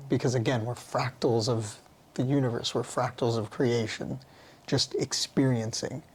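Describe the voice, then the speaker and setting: A man speaks in an earnest, musing way as a podcast guest. His phrasing is loose and slangy. His pitch sits in a mid range. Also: fairly even intonation, moderate pace, slightly rough. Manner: earnest, musing, with easy laughs. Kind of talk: casual reflective conversation.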